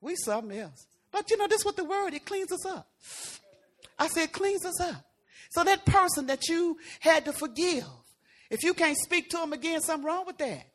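A woman's voice: very high voice, expressive, normal speed. Folksy woman preaching a sermon. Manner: folksy and conversational, swings from loud emphasis to hushed asides.

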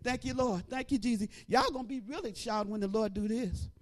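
A woman preaching a sermon, starting low and quiet and rising to shouted, sing-song lines with rhythmic repeats. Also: brisk.

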